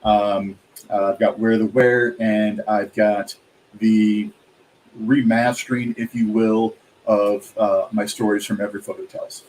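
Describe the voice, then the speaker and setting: A man's voice: lowish voice, little pitch movement, a little slow, darkish tone, a little hiss or hum, rough recording. A man chatting as a guest author, rambling with many fillers and quoted asides. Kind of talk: casual chat.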